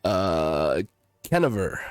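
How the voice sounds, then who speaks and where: A man running a tabletop game as game master, describing the action in a halting way with many ums and restarts. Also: low-pitched, big pitch swings, smooth, no room sound, soft background music.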